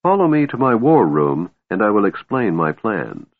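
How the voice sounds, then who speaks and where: A man voicing a cold, scheming female warlord who speaks coolly and smoothly. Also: fairly low pitch, big pitch swings, moderate pace, dry recording. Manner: cool, cutting, smooth. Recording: narrow phone-like sound, dry.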